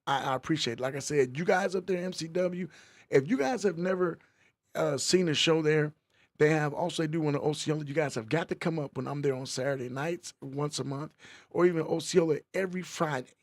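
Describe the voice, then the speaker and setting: A man's voice: a little high, a little fast. A man hosting a casual livestream podcast, playfully teasing and reading chat comments aloud. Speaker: podcast host.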